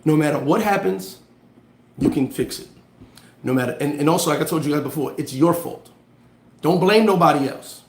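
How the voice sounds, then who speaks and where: A man's voice: a little high, normal speed, pauses often, reverberant. Slangy man livestreaming motivation. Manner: animated storytelling with street slang; reads and answers viewer comments. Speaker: livestream host giving motivational talk. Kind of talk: casual motivational live chat.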